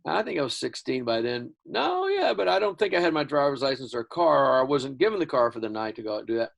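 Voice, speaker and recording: An older man from Houston, Texas, a guest musician telling a long story in an interview, rambling and animated with many restarts. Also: mid-range voice, quick pace, creaky.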